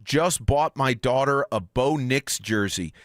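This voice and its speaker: A man hosting a sports radio show in a studio, chatting excitedly and reading out listener texts. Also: mid-range voice, slow pace, no room sound. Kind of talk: casual sports radio chat. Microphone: studio microphone.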